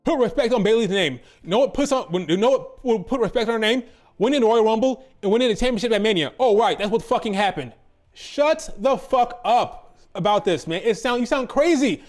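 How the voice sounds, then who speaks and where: A man's voice: very high-pitched, expressive, a little fast. A man hosting a wrestling commentary channel, ranting in an exasperated, profane, repetitive way.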